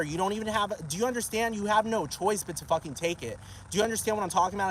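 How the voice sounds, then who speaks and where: Man, vlogger, slightly high voice, agitated street rant on a phone, faint traffic behind. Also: rough recording. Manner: repeatedly asks "do you understand what I'm talking about?"; heated and profane, with rising emphasis. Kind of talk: agitated ranting monologue. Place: outdoors in a parking lot.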